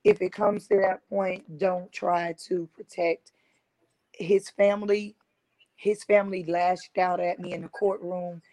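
A woman's voice: fairly low pitch, little pitch movement, a little slow, warm tone, dry recording, poor audio. A woman, a domestic violence survivor and advocate, earnestly recounting her experience, often quoting what was said. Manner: earnest retelling, quoting others with "I said". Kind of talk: emotional personal testimony.

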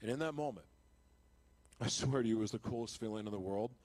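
A man giving an emotional, confessional Christian testimony on live television. He speaks earnestly, with restarts and laughs at himself, and grows loud and impassioned. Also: lowish voice, fast talker, no room sound. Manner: grows loud and impassioned when retelling his conversion. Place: television studio.

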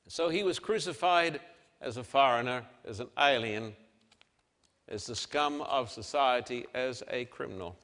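A man preaching a dramatic sermon and reading scripture, swinging between loud declarations and hushed, soft passages. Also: mid-range voice, normal speed, big-room sound.

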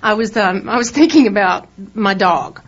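A woman co-hosting a radio talk show, teasing her partner with quick, sassy comebacks. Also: medium pitch, dull audio.

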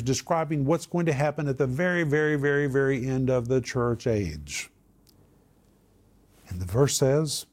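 This man's voice sits in the mid-range with a darkish tone. He teaches on Bible verses and the meanings of words, becoming emphatic on key points and building to a raised voice on the important words.

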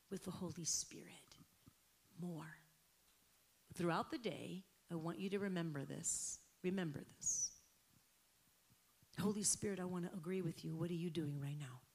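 Woman in her 50s preaching, lively, laughs a lot, goes from whispery prayer to loud bursts. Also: lowish voice, creaky, breathy edge. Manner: animated, laughing, shifts between soft whispered prayer and loud exclamation. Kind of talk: sermon.

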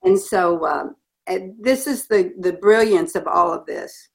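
A woman's voice: on the low side, a little slow, vocal fry. Earnest storytelling woman. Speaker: guest. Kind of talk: storytelling in an interview.

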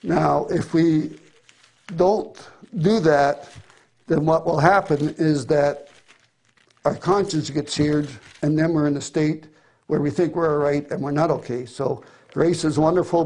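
A man's voice: fairly high pitch, steady tone, unhurried, a little mellow. A middle-aged man preaching a sermon, reading scripture with earnest emphasis.

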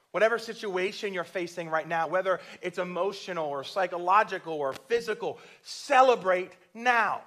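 High-voiced man preaching with fervor. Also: a bit bright. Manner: impassioned preaching, acts out voices of God and people in prayer. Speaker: pastor. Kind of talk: sermon. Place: church.

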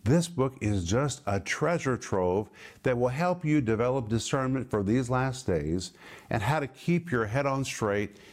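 A man hosting a televised Bible teaching, speaking earnestly and emphatically, slowing down to stress key phrases. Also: medium pitch, expressive. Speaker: Bible teacher and TV ministry host.

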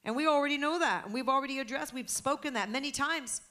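A woman's voice: mid-range voice, animated, moderate pace, fairly bright tone. A woman preaching a sermon to a congregation, fervent and emphatic.

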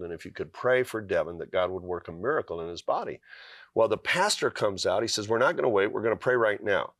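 A man's voice: low voice, animated, brisk, fairly bright tone, no echo, studio quality. Earnest middle-aged man telling a story. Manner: earnest storyteller, acts out quoted lines, with fillers and restarts. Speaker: guest author. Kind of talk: storytelling in a talk show interview.

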